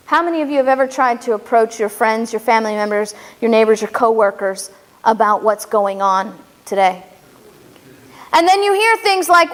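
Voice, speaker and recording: High-voiced woman lecturing in an echoey hall. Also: fairly quick. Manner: emphatic storytelling. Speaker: speaker and educator. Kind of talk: history lecture. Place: lecture venue.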